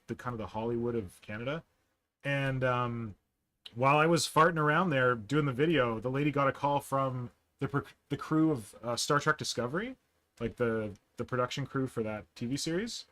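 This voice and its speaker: Chatty man hosting a casual video call. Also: mid-range voice. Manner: chatty, animated storyteller with quick asides. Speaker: podcast host. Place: in Toronto.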